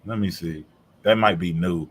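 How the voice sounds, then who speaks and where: A man's voice: low voice, moderate pace, slight background noise. A man hosting a casual streamed chat, talking in a blunt, profane and heated way.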